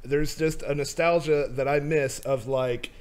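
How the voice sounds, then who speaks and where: A man's voice: fairly high pitch, fairly even intonation, a little slow, darkish tone, clear, resonant tone. Rambling male podcast host. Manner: rambling, many restarts. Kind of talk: casual chat.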